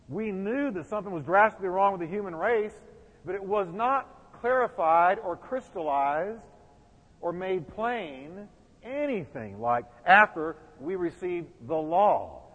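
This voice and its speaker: A man's voice: high voice, in a large hall, phone-quality sound. A man preaching a sermon as pastor, building emphasis and putting questions to the congregation.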